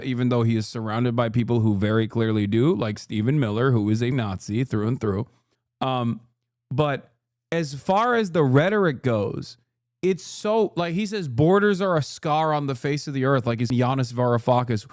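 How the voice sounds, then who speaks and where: A man reacting to a clip on a livestream, ranting sarcastically and quickly. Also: mid-range voice, animated, a little mellow, no room sound, clean studio sound.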